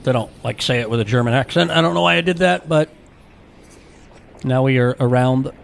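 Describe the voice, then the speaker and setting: A man's voice: mid-range voice, a little fast, vocal fry. Jokey man narrating a city walk. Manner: jokey, rambling asides. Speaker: vlogger, walking tour guide. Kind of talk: casual walking-tour narration. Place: outdoor city streets.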